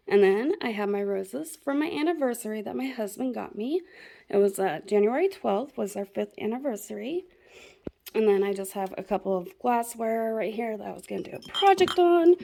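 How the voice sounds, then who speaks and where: Slightly out of breath, a young woman shows off her home craft room in a rambling, self-deprecating chat, laughing at herself. Her mid-range voice is creaky and warm, and a faint hiss or hum sits under the recording.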